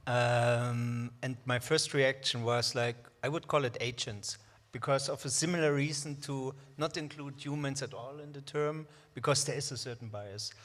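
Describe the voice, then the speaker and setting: A man of middling pitch speaks on a live symposium panel. He talks thoughtfully and tentatively, weighing his words as he goes. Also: steady tone, moderate pace, fairly bright tone.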